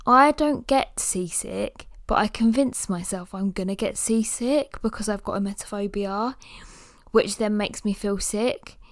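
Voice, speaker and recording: A woman's voice: medium pitch, measured pace, no echo, clean studio sound. Tired, chatty young woman. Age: early 20s. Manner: chatty, rambling, lots of "like" fillers. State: tired and yawning. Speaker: podcast host. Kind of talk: casual solo podcast chat.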